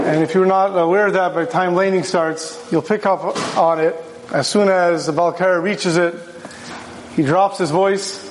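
A man's voice: high-pitched, a little hiss or hum. A man, a rabbi, giving a conversational Torah class, telling stories and posing rhetorical questions. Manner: storytelling, poses rhetorical questions. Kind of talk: conversational religious lecture.

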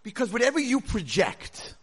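A rabbi giving a sermon to a room of listeners, telling stories dramatically and swinging from a hush to full shouts. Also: male voice, extremely high pitch, huge pitch swings, normal speed, husky. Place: lecture hall with audience.

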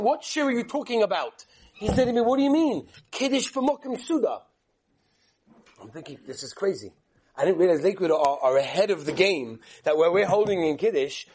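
In a live room full of people, a rabbi with a high-pitched, slightly mellow, breathy voice teaches a class. He's a rambling, chatty storyteller who jokes with the room, and the audience can be heard murmuring and laughing.

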